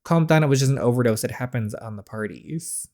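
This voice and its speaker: Give me a man doing a manipulative young man from a story game. He speaks in a cool, dismissive way, at a plain middle pitch. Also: a little fast, darkish tone, lightly acted. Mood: scheming.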